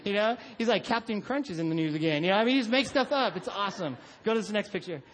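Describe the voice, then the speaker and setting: A middle-aged man preaching a sermon, telling stories about his son and acting out voices. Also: fast talker. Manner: animated storytelling, acts out his son in a high voice. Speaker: pastor.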